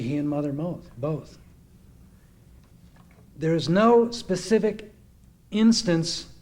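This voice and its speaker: A man's voice: fairly high pitch, darkish tone. A man giving a heartfelt spoken tribute to a gathering, earnest and reminiscing. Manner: earnest, reminiscing, acts out quoted speech. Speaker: speaker giving a testimonial.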